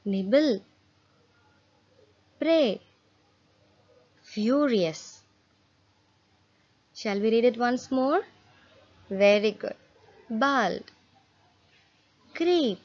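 A woman's voice: a little high, highs cut off. A woman teaching an English reading lesson, encouraging pupils to repeat words after her. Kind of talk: slow classroom reading lesson.

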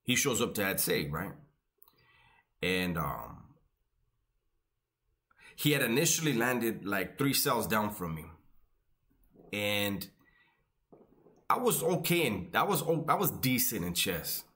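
A man's voice: on the low side, big pitch swings, takes it slowly, pauses often, pushed and bright. A man, telling casual, joking, profane stories. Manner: profane, laid-back, joking. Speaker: storyteller recalling his prison years. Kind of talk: casual storytelling.

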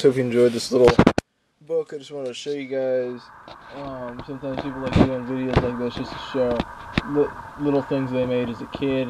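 A man's voice: medium pitch, heavy background noise. A young man casually reading a book he made as a child, with wry asides and frequent ums. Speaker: YouTuber.

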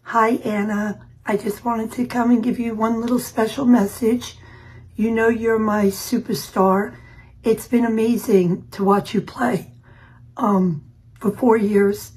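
Lady gushing in a video message, almost crying, slow and husky. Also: fairly high pitch, fairly even intonation, low-quality recording. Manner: warm, gushing, near tears.

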